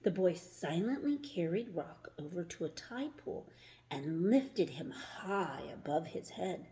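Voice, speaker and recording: A woman's voice: lowish voice, sing-song, takes it slowly, dark tone. A woman reading a picture book aloud to a child in a casual, chatty way, laughing at her own slips.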